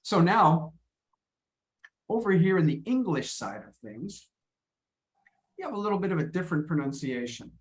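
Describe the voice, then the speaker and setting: A man's voice: high voice, very animated, normal speed, long pauses. A man teaching an online pronunciation lesson over a video call, friendly and often repeating and restarting his words.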